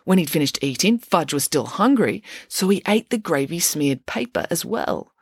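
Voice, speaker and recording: A woman's voice: fairly low pitch, lively intonation, normal speed, husky, dry recording, studio quality. A woman voicing an unflappable, matter-of-fact young girl detective in a storybook reading. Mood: explaining.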